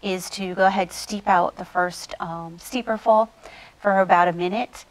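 Chatty low-voiced woman explaining tea. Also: fairly even intonation, moderate pace, poor audio. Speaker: tea business owner, guest. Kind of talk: casual interview.

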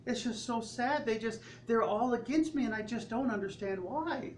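A man doing a whiny restaurant-owner woman, high, stammering excuses, roomy distant sound. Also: moderate pace, slight background noise. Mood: self-pitying. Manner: self-pitying, evasive, stammering. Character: whiny self-pitying middle-aged woman restaurant owner.

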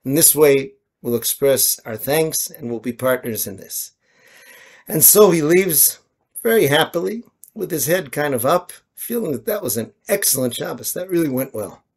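A man's voice: a little high, lively intonation, normal speed, husky. A man, a rabbi, telling a story in a sermon and slipping into the voices of the people in it. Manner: storyteller voicing quoted characters, mixing Yiddish and Hebrew terms.

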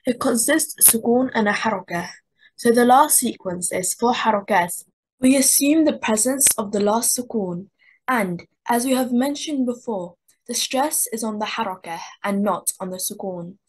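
A woman's voice: on the high side, brisk, a little hiss or hum, rough recording. A woman teaching a lecture on Quranic recitation stress, methodically repeating contrasting word examples.

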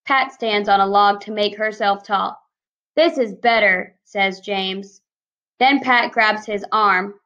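A woman teaching first graders, speaking in a slow, clear and deliberate way as she reads aloud and goes over sight words. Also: fairly high pitch, a bit bright. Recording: slightly dull lo-fi recording.

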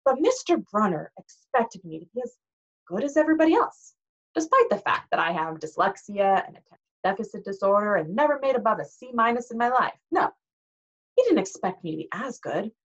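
A teacher reading a novel aloud to a class in an expressive, animated way. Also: female voice, medium pitch, fairly quick. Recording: dull lo-fi recording.

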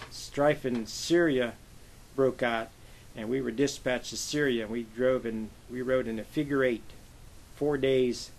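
Older Pennsylvania-raised man, gravelly voice, medium pitch, rambling yarn-spinner recalling his navy days. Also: darkish tone, rough recording. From western Pennsylvania, USA. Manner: rambling anecdotes with frequent uh and I says. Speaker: navy veteran interviewee. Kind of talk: oral history storytelling.

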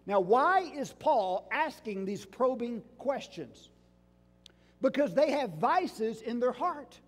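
Man, pastor preaching, very high voice, slow deliberate delivery, rhetorical questions, long church reverb. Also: animated. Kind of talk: sermon.

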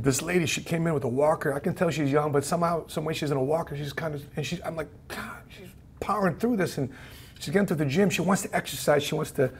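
A quick-talking man from the Philippines hosts the interview. He tells his own stories with eager energy and keeps chiming in with yeses. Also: on the high side, a little hiss or hum. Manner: eager, storytelling, quick affirming "yeah"s. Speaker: podcast host. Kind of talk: casual interview chat.

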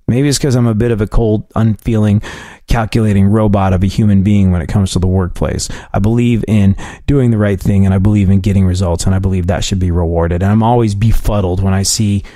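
Male talk-show host with a low, mellow voice and a dry studio mic, for casual animated storytelling. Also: brisk, dry recording. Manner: animated anecdote-telling, quotes his dad in a lower voice.

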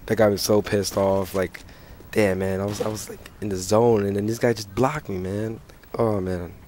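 A man's voice: on the low side, level tone, normal speed, a little mellow, a little hiss or hum. Sick, ranting young gamer guy. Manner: profane, ranting, frustrated. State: sick, hoarse voice. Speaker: gaming channel host. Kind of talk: casual gameplay commentary.

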